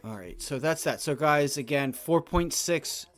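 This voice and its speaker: A man with a somewhat high voice talks through live market commentary on his trading stream. His talk is loose and full of slang, and it often rises into loud, heated rants. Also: a little slow. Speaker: day trading livestream host.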